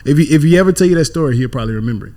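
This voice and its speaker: A man's voice: a little high, animated, racing, warm tone. A young man, a podcast guest, telling a story casually and animatedly, acting out what people said and swearing freely.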